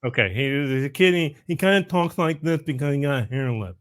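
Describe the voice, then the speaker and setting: Higher-voiced rambling male host. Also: lively intonation, brisk, no echo. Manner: rambling, self-interrupting. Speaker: podcast host. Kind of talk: casual chat, telling a joke.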